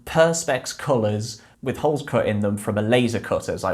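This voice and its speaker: A man's voice: lowish voice, lively intonation, normal speed. A man co-hosting a podcast, chatting casually and giving opinions from his notes. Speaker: podcast co-host. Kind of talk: casual chat.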